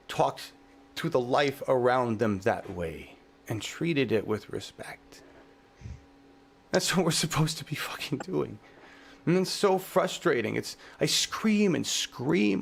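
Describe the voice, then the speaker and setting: A man talks straight to camera in a heated, profanity-laced vlog rant. His voice has a gravelly, fry-edged texture and swings widely in pitch, dropping low in grief and flaring up when he shouts. He sounds like he is outdoors in his own yard. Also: very animated, measured pace. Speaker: channel host.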